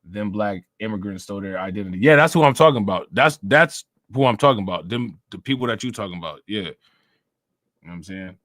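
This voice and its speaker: Speaking fast and animated, this man has a fairly low, fairly bright voice recorded in a studio with no room sound. As host of a live stream, he keeps up loose, profane, casual commentary, laughing often and repeating himself.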